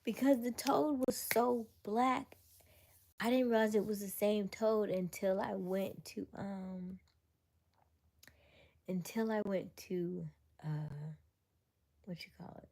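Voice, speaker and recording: A woman hosts a casual late-night livestream, chatting with viewers, laughing often, slipping into whispers, and reading answers aloud to them. Her mid-range voice is steady, slow, creaky, and darkish, with long pauses.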